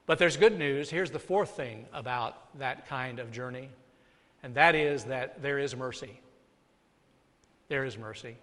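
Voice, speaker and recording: A man preaching a sermon as pastor, dropping soft and then rising loud. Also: mid-range voice, measured pace. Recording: long hall reverb.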